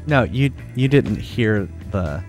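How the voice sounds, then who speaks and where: Guy streaming a racing game, talks out loud, kinda puzzled and jokey, voice goes all over, quiet music behind. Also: lowish voice, expressive, slow pace. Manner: confused, joking, thinks out loud. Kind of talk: casual gameplay commentary.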